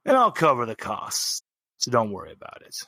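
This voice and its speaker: A man's voice: medium pitch, wildly swooping pitch, fairly quick, bright, forceful tone, dry recording, studio quality, exaggerated voice. A man voicing a cocky, playful male cyborg fixer who teases with pet names, in a tabletop game. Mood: reassuring. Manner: teasing, calls people big boy.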